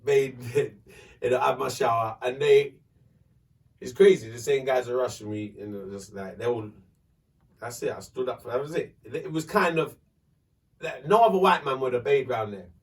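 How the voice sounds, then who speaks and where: A man, hosting a podcast and telling a story in a lively, profane way. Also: medium pitch, normal speed, distant mic. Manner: animated, swearing, acts out voices in his story. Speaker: podcast host. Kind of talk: casual storytelling.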